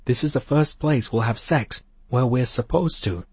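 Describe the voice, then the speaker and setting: A man's voice: mid-range voice, moderate pace, darkish tone, husky, dry recording. A man reading an audiobook, voicing a playful, slightly nervous young woman in a light, teasing way. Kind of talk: audiobook character voice.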